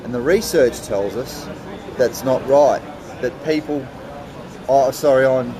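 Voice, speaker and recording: A man's voice: mid-range voice, unhurried. Upbeat man in a noisy street crowd. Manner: upbeat, motivational, greets viewers by name. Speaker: podcast host. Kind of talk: live-streamed motivational talk. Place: busy outdoor pub on a city main street. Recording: loud crowd noise outdoors. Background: crowd chatter and traffic.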